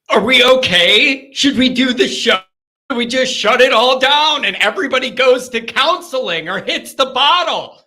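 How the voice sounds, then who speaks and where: A man hosting a live fan call-in show, chatting casually in an excitable, rambling way and laughing often. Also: extremely high pitch, normal speed.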